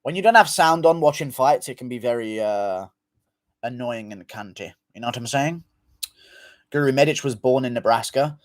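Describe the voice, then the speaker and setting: A man's voice: medium pitch, animated, normal speed, dry recording. A man hosting a casual livestream, reading viewer comments in a loose, offhand manner and swearing freely. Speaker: livestream host.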